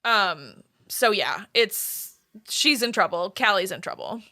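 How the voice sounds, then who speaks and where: A woman co-hosting a podcast, chatting casually through a TV episode recap with quick asides. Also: mid-range voice, very animated, bright, forceful tone. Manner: chatty, quick asides, laughs between points. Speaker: podcast co-host.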